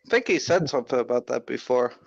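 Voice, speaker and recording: A man's voice: mid-range voice, expressive, fast talker, gravelly, dull audio. A man hosting his own stream in casual chat. He is laid-back and joking and tends to drawl. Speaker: streamer host.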